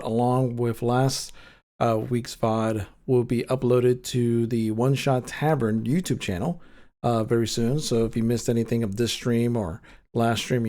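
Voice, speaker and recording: A man playing in an online tabletop game and co-hosting the stream, laid-back and quick to laugh. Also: mid-range voice, warm tone. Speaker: player and stream co-host. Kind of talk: casual game table chat.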